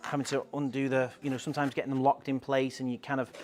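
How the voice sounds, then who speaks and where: A man's voice: mid-range voice, level tone, quick pace, a little mellow, a little hiss or hum. A man hosting a casual live stream, chatting in a rambling way and reading out viewer comments.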